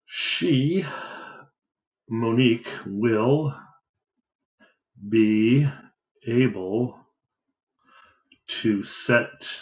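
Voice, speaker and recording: The highs are cut off and the room echoes as a man with a medium-pitched voice teaches math. He counts through a division problem as a worked example, thinking out loud in a casual tone.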